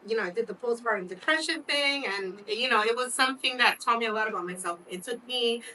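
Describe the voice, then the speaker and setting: Bright-voiced woman co-host, candid. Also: fairly high pitch, quick pace, recorded from a distance, slight background noise, low-quality recording. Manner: candid, laughs often. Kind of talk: casual chat.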